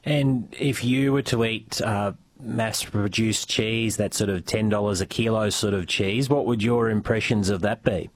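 A man's voice: lowish voice, fairly even intonation, measured pace. A man hosting a rural radio show, asking questions conversationally with slight hesitations. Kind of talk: radio interview and show wrap-up.

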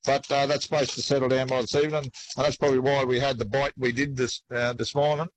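Relaxed Australian male angler, folksy and chatty, faint line noise behind. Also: medium pitch, fast talker, rough recording. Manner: relaxed, folksy, keeps saying mate. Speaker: angler guest. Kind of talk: casual interview chat.

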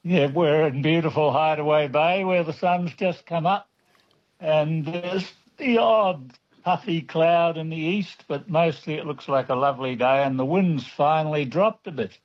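A man calling a radio show, describing the weather in a relaxed way. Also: a little high, unhurried, muffled recording. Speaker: caller. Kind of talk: casual phone chat. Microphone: phone.

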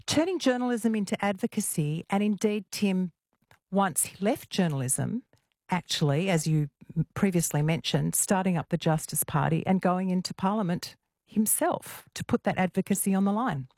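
A woman's voice: fairly low pitch, normal speed, a little mellow, no room sound, clean studio sound. Chatty woman hosting radio. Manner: chatty, playful and self-mocking. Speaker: fill-in radio host. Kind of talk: casual radio chat.

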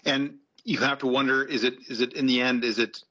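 A man's voice: mid-range voice, fairly even intonation, brisk, sharp tone, breathy edge, lo-fi sound. A journalist, a man, giving casual commentary as an interview guest, thinking aloud with frequent restarts and fillers. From Canada.

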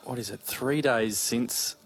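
An Australian man chats on a sports radio show, rambling through his thoughts with plenty of restarts and self-mocking chuckles. His voice sits at an ordinary middle pitch, picked up close on a studio microphone. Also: a little slow. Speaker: radio co-host. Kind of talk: casual sports radio chat.

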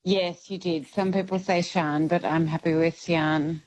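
A woman's voice: lowish voice, fairly even intonation, normal speed, warm tone, rough recording. Chatty woman caller telling stories. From Ireland. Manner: chatty, laughing, rambling storyteller. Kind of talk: casual phone-in chat.

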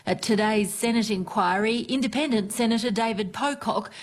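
A woman voicing a news report in a clear, even scripted read. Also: fairly high pitch, moderate pace.

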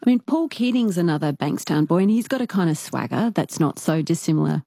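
A woman interviewer with a lowish voice asks questions in an easy, conversational way. The recording is dry and close. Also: animated, fairly quick, creaky, dark tone, dry recording.

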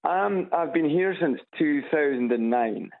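A man from Edinburgh with a Scottish accent, calling in to a radio show and chatting in a halting way with many restarts. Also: on the high side, animated, gravelly. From Scotland. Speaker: radio caller. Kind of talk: phone-in chat. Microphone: phone on loudspeaker. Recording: tinny phone line on radio.

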